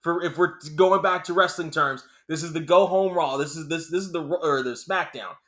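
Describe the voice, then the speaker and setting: A man giving a casual movie review, animated and emphatic, often repeating lines for effect. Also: a little high, normal speed.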